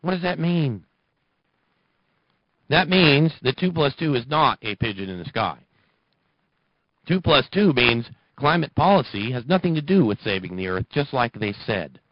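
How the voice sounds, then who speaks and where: A man's voice: medium pitch, animated, unhurried, no echo, muffled recording. A man hosting a political talk radio show, ranting and mocking in a sarcastic monologue.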